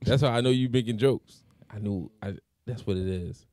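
A man's voice: on the low side, normal speed, darkish tone, no echo. A man co-hosting a podcast, teasing and swearing in a joking casual chat. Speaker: podcast co-host.

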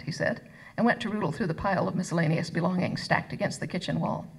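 A woman author reading her novel aloud at a live event, expressive and voicing each character. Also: fairly low pitch, fast talker, vocal fry, slightly rough, rough recording. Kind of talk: live first-person book reading. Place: arts center reading event.

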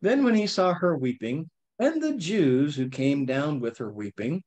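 A man leading a casual Bible study, reading verses aloud and explaining them with lively, animated asides. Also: on the high side, unhurried. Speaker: Bible teacher. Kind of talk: conversational Bible study teaching.

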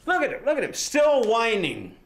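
An actor playing a blunt, impatient middle-aged businessman and father, gruff and scornful. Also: lowish voice, normal speed, no echo.

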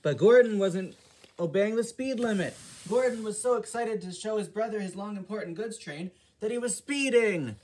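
A man's voice: high-pitched, normal speed, a little mellow, rough recording. A man narrating a homemade storybook about steam engines, stumbling and restarting now and then. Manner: reading with restarts.

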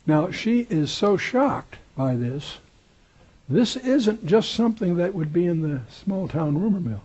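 A man leads a Bible study lecture, talking casually with dry, wry asides. His voice is a little high for a man, mellow and husky. The recording is dull and lo-fi. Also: animated, a little slow. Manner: conversational, wry asides and digressions. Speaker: Bible teacher.

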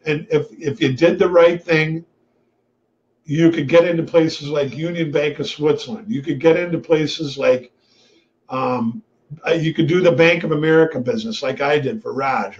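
A man hosting a webinar, telling stories from his trading days in a blunt, profane, animated way. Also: on the high side. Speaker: webinar host, trader. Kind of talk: casual storytelling. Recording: dull lo-fi webinar audio.

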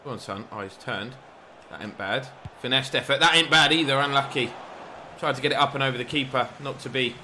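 A young man giving lively commentary over his own football video game, getting loud at big chances. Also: on the high side, quick pace, slight background noise. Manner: excitable, shouts at big chances. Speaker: gaming YouTuber. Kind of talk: live gameplay commentary.

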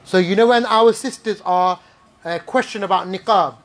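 A male preacher addresses a gathered audience. His delivery is animated and playful, and he keeps the room with rhetorical questions and quick asides. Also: sits high. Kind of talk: Islamic talk to a live audience.

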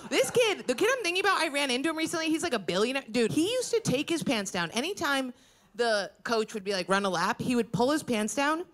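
A woman doing a stand-up comedy set, telling crude stories in a brash, animated way on a club stage. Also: a little high, a little fast. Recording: noisy live club recording with crowd. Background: audience laughter.

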